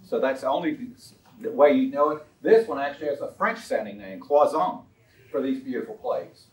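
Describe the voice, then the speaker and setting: A man's voice: medium pitch, animated, normal speed. Man, lecture presenter, chatty anecdotal delivery, roomy echo, distant mic. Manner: chatty, anecdotal, with frequent fillers. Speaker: presenter of a historical collection. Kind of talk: illustrated lecture.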